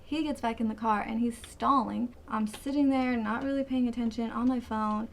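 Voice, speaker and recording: A woman's voice: on the high side, fairly even intonation, normal speed, vocal fry, slight background noise. A woman in her twenties telling a rambling, profane story in a dramatic, casual storytime way. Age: 20s. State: sweating, hot. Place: hot room.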